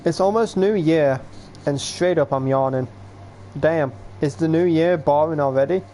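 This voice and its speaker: A man's voice: fairly high pitch, normal speed, mellow, slight background noise. A man telling a rambling story on a livestream, quoting others, yawning and hiccupping. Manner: rambling, quotes others with "I was like". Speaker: livestream host.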